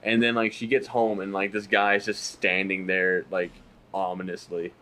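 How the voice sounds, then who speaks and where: A man co-hosting casual gaming commentary, retelling stories in an animated way and acting out the voices. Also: low voice, moderate pace, a crowd in the background. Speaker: co-host.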